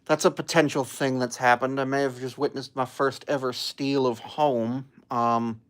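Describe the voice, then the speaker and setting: A young man chatting casually on a live stream, rambling and laid-back, with frequent ums and soft chuckles. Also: mid-range voice, fairly even intonation, moderate pace.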